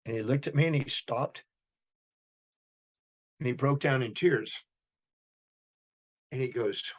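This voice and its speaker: Husky-voiced male storyteller, interview guest. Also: mid-range voice, takes it slowly, long pauses, highs cut off. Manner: animated storyteller, acting out dialogue. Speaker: guest, human behavior specialist.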